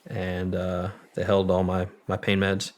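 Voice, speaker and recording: A man's voice: deep voice, completely flat delivery, a little slow. A man telling a personal story as an interview guest, rambling and swearing freely. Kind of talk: casual storytelling.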